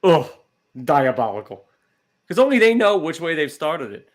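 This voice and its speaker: A man's voice: fairly high pitch, very animated, moderate pace. A man co-hosting a casual comedy podcast, rambling through self-deprecating jokes. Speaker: podcast co-host.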